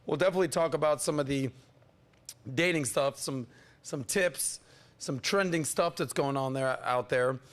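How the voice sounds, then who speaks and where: A male podcast host with a fairly high voice and a hype-man energy. He talks in a loose, playful way, teasing the people around him as he runs the show. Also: normal speed. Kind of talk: hyped-up casual podcast hosting.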